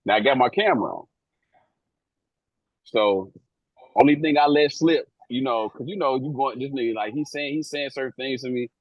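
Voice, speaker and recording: A man's voice: medium pitch, normal speed, long pauses, dry recording, dull audio. A man co-hosting a talk show, casually telling a story from his job as an airport officer in a slangy, profane way, acting out the people in it. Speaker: airport police officer and co-host.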